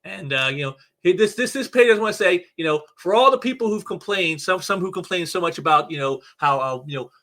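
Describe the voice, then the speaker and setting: Bright-voiced man rambling about comics. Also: high voice, expressive, fast talker, few pauses. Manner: rambling, many restarts and fillers; stresses key words for emphasis. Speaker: comic book reviewer. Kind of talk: casual commentary while reading aloud.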